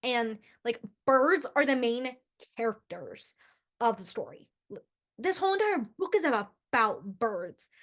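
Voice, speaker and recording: A woman's voice: on the high side, big pitch swings, unhurried, fairly bright tone. A young woman hosting a book vlog, chatting casually and gushing over favorite quotes, often restarting her sentences. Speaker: book vlogger. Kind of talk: casual book review chat.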